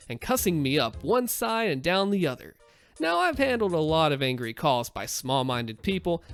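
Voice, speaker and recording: Lively, wry story narrator. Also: mid-range voice.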